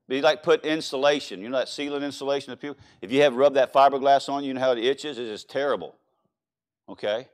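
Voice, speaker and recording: A Louisiana man preaching in a church, lively and conversational. He keeps firing questions at the congregation and swings between loud and quiet stretches. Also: mid-range voice, fast. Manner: animated, quizzing the congregation. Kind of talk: sermon.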